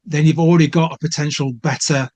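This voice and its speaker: A man's voice: on the high side, steady tone, fast talker, darkish tone. A man co-hosting a podcast, talking with enthusiasm and often repeating words as he thinks. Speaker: podcast co-host. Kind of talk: casual chat.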